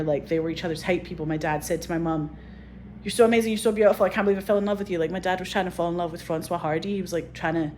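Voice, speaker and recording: Animated woman, lower voice. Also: slight background noise. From Scotland. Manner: animated and candid, frequent swearing, fillers like "like", acts out quotes. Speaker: filmmaker guest. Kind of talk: casual interview chat.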